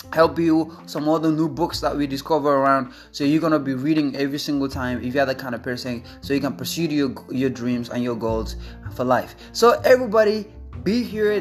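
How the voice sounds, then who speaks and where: Upbeat male podcast host, higher voice. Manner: repetitive, restarts often, acts out quoted voices. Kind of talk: casual motivational podcast talk.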